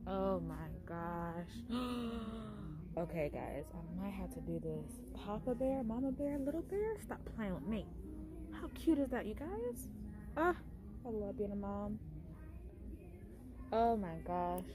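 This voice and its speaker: Woman vlogger, mom, gushing shopping chatter, animated pitch, unhurried. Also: background noise. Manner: gushing, exclaiming over items. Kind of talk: casual shopping vlog. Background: music.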